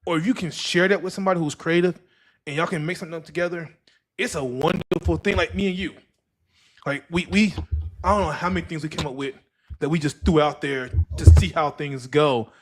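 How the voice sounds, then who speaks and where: A man's voice: a little high, fairly even intonation, brisk, a little hiss or hum. A man hosting a podcast, chatting loosely and rambling with restarts and fillers. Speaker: podcast host. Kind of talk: casual podcast chat.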